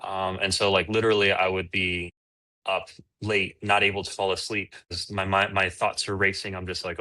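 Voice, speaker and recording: A man's voice: deep voice, flat delivery, normal speed, sharp tone. A man, an entrepreneur, answering interview questions in a candid, rambling casual chat. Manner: candid, rambling with fillers and restarts. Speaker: entrepreneur guest.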